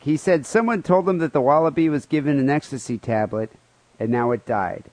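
A man's voice: on the high side, brisk, darkish tone, dry recording. A man co-hosting a comedy podcast, telling a news story in crude, profane banter with mock outrage. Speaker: podcast co-host.

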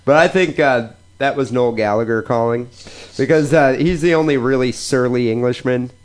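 A man's voice: mid-range voice, normal speed. A man from the United States co-hosting a podcast, trading crude jokes in casual chat. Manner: profane, jokey banter. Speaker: podcast co-host.

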